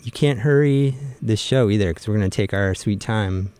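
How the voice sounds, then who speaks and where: A man's voice: on the low side, moderate pace, a little mellow, clean tone, no echo. Dry-voiced wry male radio host. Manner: wry, joking back-announcing. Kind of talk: casual on-air chat.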